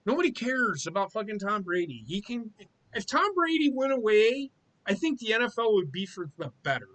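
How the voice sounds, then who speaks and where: Profane ranting man, bright voice. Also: sits high, big pitch swings, fairly quick. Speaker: podcast co-host. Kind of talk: casual sports and wrestling chat.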